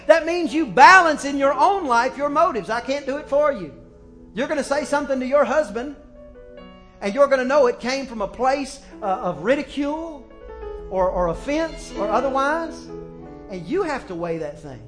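A middle-aged male pastor preaching a sermon in church, swinging from quiet storytelling to shouted declarations. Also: extremely high pitch, lively intonation, moderate pace, soft background music. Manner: preaching with sudden shouted peaks and storytelling asides.

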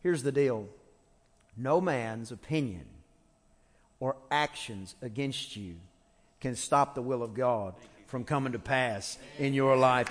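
Joking pastor in an echoing church. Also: male voice, medium pitch, expressive, unhurried, a bit bright, some chatter behind. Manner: humorous, conversational storytelling with restarts. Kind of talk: sermon. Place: church sanctuary. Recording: long church-hall reverb.

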